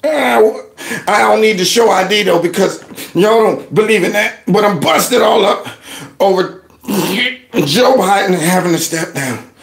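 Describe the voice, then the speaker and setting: A man's voice: high-pitched, unhurried, gravelly, a bit bright, roomy sound. A man hosting a reaction commentary, laughing and sarcastic as he mocks a clip. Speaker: host.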